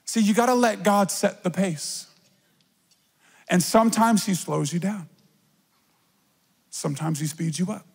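Guy preaching a sermon, kinda high voice, big echoey church hall, acts stuff out. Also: a little slow, gravelly, long pauses, breathy edge. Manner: animated, acts out voices, playful asides. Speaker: pastor.

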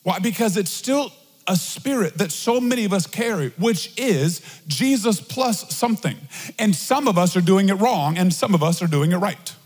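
A man's voice: high voice, moderate pace, breathy edge. A young male pastor preaching a casual, joking sermon in a large church. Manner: animated, joking, conversational preaching. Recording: long church hall reverb.

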